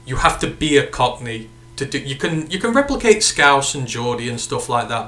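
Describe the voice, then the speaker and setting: A man's voice: medium pitch, very animated, moderate pace, few pauses, fairly bright tone, roomy sound. A man from the United Kingdom co-hosting a casual sports podcast, chatting and reading out viewer comments. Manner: chatty, reads out viewer comments and sign-offs. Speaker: podcast co-host.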